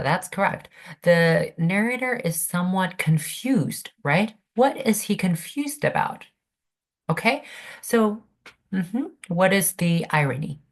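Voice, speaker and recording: A woman teaching a literature class online, speaking patiently and checking in with her students over a video call. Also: lowish voice. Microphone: computer mic on video call.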